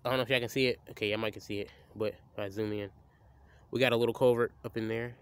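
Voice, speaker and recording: A man's voice: lowish voice, steady tone, fast talker, clear, resonant tone. A young man, filming a casual outdoor vlog by a creek on a handheld phone, rambling and stammering as he restarts his sentences. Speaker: vlogger. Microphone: handheld phone camera.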